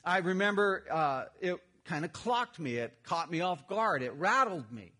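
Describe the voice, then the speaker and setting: High-voiced man preaching a story sermon. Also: animated, normal speed, bright, forceful tone. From Texas. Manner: storytelling, self-deprecating humor. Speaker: pastor.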